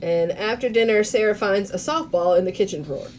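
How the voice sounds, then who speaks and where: A woman co-hosting a podcast, retelling a film scene by scene in a loud, animated way and laughing often. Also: mid-range voice, fairly quick, slight background noise, rough recording. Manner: animated storyteller acting out quoted lines, laughs often. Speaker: podcast co-host. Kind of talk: casual movie recap.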